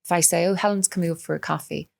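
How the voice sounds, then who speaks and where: A woman in her fifties with a Cork Irish accent, chatting as a podcast guest, laughing often and acting out quick quotes. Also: on the low side, steady tone, gravelly, a little mellow, dry recording, studio quality. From Ireland. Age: 50s. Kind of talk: casual chat.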